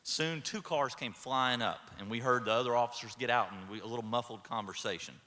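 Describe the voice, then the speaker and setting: A man's voice: mid-range voice, brisk, bright, forceful tone. A man delivering a humorous commencement keynote from a podium, telling a story in a folksy way with dry humor. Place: large ceremony hall. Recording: echoey hall.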